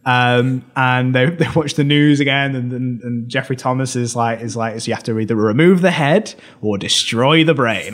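A man's voice: mid-range voice, moderate pace, few pauses, a bit bright. A British man co-hosting a film podcast, recapping scenes in a rambling casual way, laughing often and restarting his sentences.

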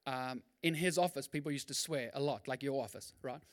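A male pastor of medium pitch delivers an animated, conversational sermon, adding brief asides and acting out the quotes he uses.

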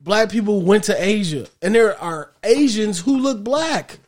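A young man talking in a casual group chat, animated and rambling, with slangy speech. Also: high voice, a little slow.

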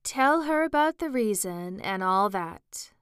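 A woman's voice: medium pitch, lively intonation, slow pace, a bit bright, clean tone, dry recording, clean studio sound. A woman voicing the mournful Mock Turtle. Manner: mournful, easily offended. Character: sad, slow-talking old male Mock Turtle. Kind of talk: storybook reading.

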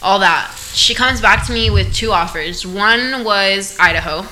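A young woman from Oregon, a podcast guest in casual chat, animated and mixing in Spanish. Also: medium pitch, measured pace, low-quality recording. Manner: animated, laughs often, mixes in Spanish.

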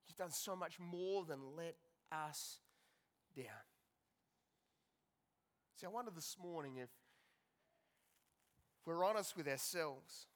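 A man preaches as a pastor in a fairly high-pitched voice. His sermon is emphatic and repetitive, swinging between loud passages and hushed ones.

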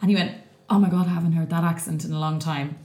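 A woman's voice: low voice, steady tone, quick pace, warm tone, echoey room. A young Irish woman co-hosting a podcast, chatting and acting out what people said as she tells a story. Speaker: podcast co-host. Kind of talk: casual storytelling chat.

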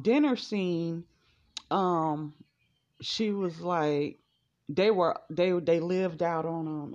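A woman's voice: on the low side, a little mellow. A woman chatting casually on a podcast, speaking reflectively and often restarting her sentences. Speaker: podcast co-host. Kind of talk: casual chat. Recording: dull lo-fi podcast audio.

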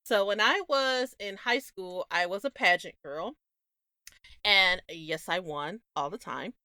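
A young adult woman co-hosting a podcast, telling stories in a casual, animated way, laughing often. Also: medium pitch, unhurried, no echo. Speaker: podcast co-host. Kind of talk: casual chat.

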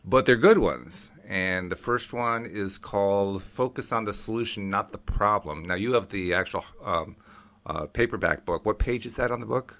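A man's voice: fairly low pitch, moderate pace, a bit bright. A man hosting a casual talk show, chatty and easygoing, thinking aloud as he goes. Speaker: podcast host. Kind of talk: casual chat.

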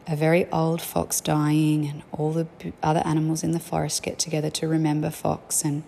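A woman's voice: deep voice, monotone, a little fast, gravelly, mellow, a little hiss or hum. A young woman, a mother, telling candid, reflective stories about family life in a chatty way. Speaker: parent sharing family life. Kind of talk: casual storytelling.

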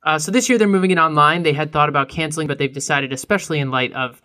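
A young man co-hosting a casual beer podcast, relaxed and chatty, with plenty of ums and uhs. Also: a little high, racing. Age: young adult. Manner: relaxed, frequent filler ums and uhs, laughs easily. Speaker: podcast co-host.

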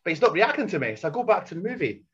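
Animated, husky man; slightly high, lively delivery; dull lo-fi sound. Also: very fast. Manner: animated, acts out voices in anecdotes. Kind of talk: casual storytelling chat. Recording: dull lo-fi recording.

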